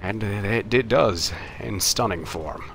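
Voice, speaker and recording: A young man streaming a game live, rambling through anecdotes in a halting, self-mocking way. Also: fairly low pitch, gravelly, fairly bright tone, a little hiss or hum.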